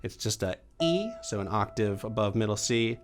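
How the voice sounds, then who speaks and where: A young adult man teaching a piano lesson, explaining chords in a relaxed way and counting beats aloud. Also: lowish voice, normal speed. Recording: piano playing under the voice. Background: piano playing.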